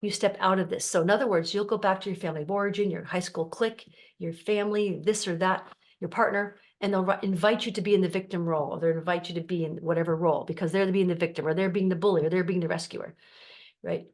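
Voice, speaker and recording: A middle-aged woman coaching her viewers in a calm, explanatory way, acting out the voices of the family members she quotes. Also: fairly low pitch, quick pace. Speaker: life coach. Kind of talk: teaching to camera.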